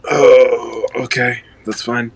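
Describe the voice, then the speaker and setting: A man's voice: medium pitch, level tone, slow pace, slightly rough, dry recording, poor audio. A man playing a tabletop game, talking casually, rambling and swearing. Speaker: player. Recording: faint music behind.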